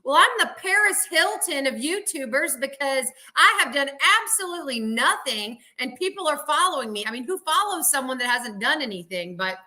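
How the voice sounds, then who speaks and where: A woman's voice: sits high, lively intonation, normal speed, few pauses, pushed and bright. A woman from Texas with a Southern accent, a guest chatting casually on a livestream, friendly and self-deprecating. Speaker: guest YouTuber.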